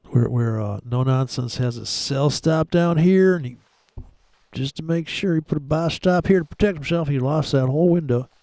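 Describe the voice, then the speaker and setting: Gravelly laid-back trader talking charts. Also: male voice, on the high side, moderate pace, mellow, no echo, clean studio sound. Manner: crude, sarcastic, mocking. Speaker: forex trader. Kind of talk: casual trading commentary over live chart.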